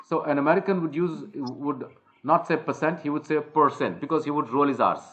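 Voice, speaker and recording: A man's voice: on the high side, a little fast, a bit bright, muffled recording. A man with an Indian accent coaching a trainee one-on-one, lecturing with many fillers and restarts. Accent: Indian English. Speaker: soft skills trainer.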